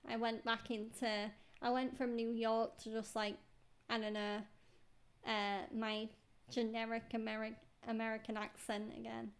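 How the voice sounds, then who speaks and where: A woman's voice: a little high, little pitch movement, unhurried. A young adult woman chatting casually as she streams a game, rambling with fillers.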